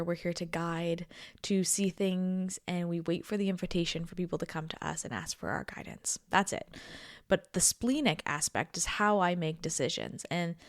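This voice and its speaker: A woman in her thirties hosting her own podcast, talking in a reflective, confiding way. She is tired and emotional, slips into soft near-whispers and laughs often. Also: on the low side, no room sound, studio quality. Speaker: podcast host. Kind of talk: casual solo podcast talk.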